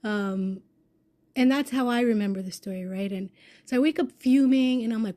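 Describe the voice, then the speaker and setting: Woman vlogger, dark mellow voice, raw confessional telling, hushed to loud, swears freely. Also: medium pitch, measured pace. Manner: intense, swearing, swings from hushed to loud outbursts. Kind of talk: emotional personal storytelling.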